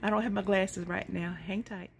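A woman's voice: medium pitch, flat delivery, moderate pace, gravelly. Woman vlogger, casual and chatty, faint hiss behind. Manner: chatty, warm, laughs often, addresses viewers as y'all. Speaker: couponing vlogger. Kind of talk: casual chat to viewers.

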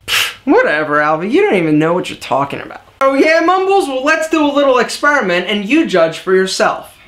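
A man coaching his viewers on an advice vlog, with a lively voice that swings widely in pitch. He keeps it jokey and energetic, and the room adds a clear echo. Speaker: image consultant and vlog host.

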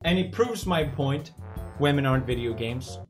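A man hosting a comedic meme-rating show, goofy and animated, swinging from mumbling to shouting. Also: medium pitch, moderate pace, soft background music. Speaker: YouTuber host.

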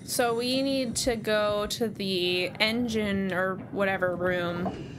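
A woman from the United States streams a game live and chats casually, rambling and laughing often. Her voice sits in a middle range. A steady background hum runs behind her. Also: mid-range voice, takes it slowly. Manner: chatty, rambling, laughs a lot. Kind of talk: casual live gaming chat.

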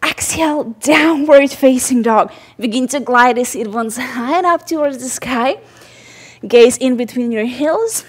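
A woman leading a mother-and-baby yoga class, giving gentle, encouraging cues and cooing to her baby between poses. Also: high voice, measured pace, slightly rough. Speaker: yoga instructor. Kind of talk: guided yoga class instruction.

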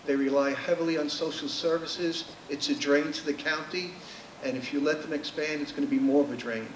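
Man, public commenter, higher voice, blunt emphatic, echoey, distant. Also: slight background noise. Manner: nervous start, blunt and emphatic. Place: legislature chamber. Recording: echoey chamber, speaker off-mic.

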